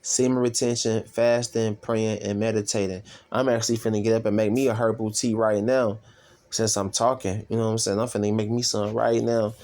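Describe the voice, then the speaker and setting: A man casually reading and commenting on scripture as a self-styled preacher, rambling and profane, with drawn-out fillers. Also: on the low side, flat delivery, a little mellow.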